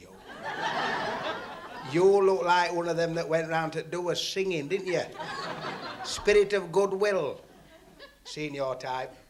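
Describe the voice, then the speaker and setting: A man doing a chatty club stand-up routine, teasing the audience and telling jokes in broad dialect. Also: fairly high pitch. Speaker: stand-up comedian. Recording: old club recording with loud crowd laughter and noise.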